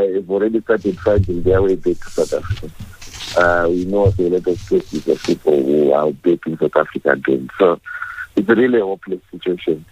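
A man's voice: deep voice, darkish tone, highs cut off, a little hiss or hum. A man speaking as an activist guest in a radio interview, blunt and indignant.

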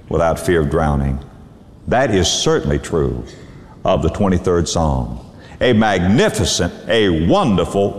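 A man preaching a sermon, leaning hard on single words and drawing them out. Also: on the low side. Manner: emphatic, drawn-out stresses on single words. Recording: long hall reverb.

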